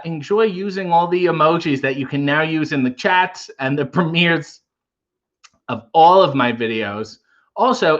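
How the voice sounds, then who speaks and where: A man's voice: a little high, a bit bright, highs cut off. A man hosting a casual livestream, reading viewer comments aloud and riffing on them with wry humor. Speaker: livestream host reading chat.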